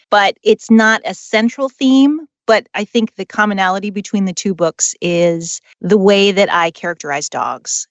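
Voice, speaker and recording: A woman's voice: medium pitch, no echo. Chatty woman author on a podcast. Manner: enthusiastic, chatty, quick to laugh. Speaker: author and dog trainer, guest. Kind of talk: podcast interview.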